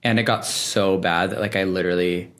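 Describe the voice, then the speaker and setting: A young man telling personal stories in a relaxed, chatty way, full of fillers and quick laughs. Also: deep voice. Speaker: podcast guest. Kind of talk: casual storytelling.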